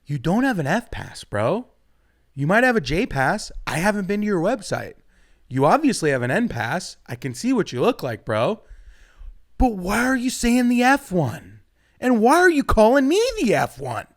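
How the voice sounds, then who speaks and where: A young man works through a stand-up set in a rambling, foul-mouthed way. His fairly high voice swings widely in pitch and leaps into loud outbursts. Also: normal speed. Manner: profane, rambling, animated delivery with sudden loud jumps. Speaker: stand-up comedian.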